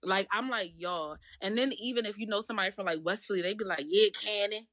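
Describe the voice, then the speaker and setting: A woman's voice: medium pitch, fast, fairly bright tone, no room sound, studio quality. A woman in her thirties from Baltimore County with a Baltimore accent, talking casually as a guest and laughing often. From Baltimore County, USA. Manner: chatty, laughing, lots of "like". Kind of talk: casual chat.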